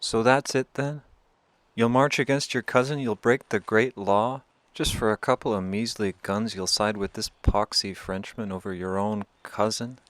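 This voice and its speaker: A man's voice: on the low side, steady tone, normal speed, fairly bright tone, no echo, lightly acted. A man voicing a shrewd, confident war chief who scolds and bargains bluntly. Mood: scolding.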